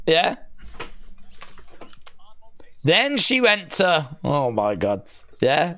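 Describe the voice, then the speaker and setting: A man's voice: high voice, gravelly, sharp tone. A man streaming a watch-along, chatting casually and sarcastically while reading chat aloud. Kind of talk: casual live reaction chat.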